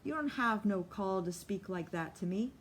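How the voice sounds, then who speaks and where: A woman's voice: mid-range voice, animated, normal speed, slight background noise, natural voice. A woman playing a cautious man who would rather settle a fight than start one. He speaks in a placating, slightly rustic drawl in an audiobook reading. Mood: wary. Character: wary, peaceable man trying to calm things.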